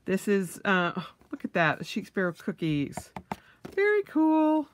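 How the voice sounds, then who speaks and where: A woman's voice: mid-range voice, wildly swooping pitch, unhurried, slight background noise. A woman vlogger, middle-aged, unboxing purchases in a casual vlog, gushing with oohs and yays.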